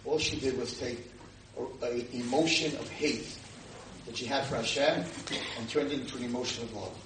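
A man teaching an audience as a rabbi, telling stories and acting out the voices of the people in them with sudden loud shouts. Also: mid-range voice, fairly even intonation, moderate pace. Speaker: rabbi lecturer. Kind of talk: animated storytelling lecture to a live audience. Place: community hall with audience. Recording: roomy distant room mic with noise.

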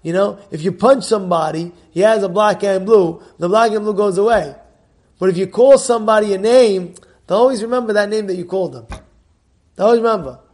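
A man teaching a Torah class, animated, repeating and restarting words and mixing in Hebrew terms. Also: sits high, fairly quick.

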